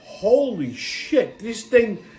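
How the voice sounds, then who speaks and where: High-voiced New man telling profane stories. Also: very animated, drawn-out words, mellow, soft background music. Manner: profane, laughing often, rambling anecdotes. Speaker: podcast host. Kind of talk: casual storytelling monologue.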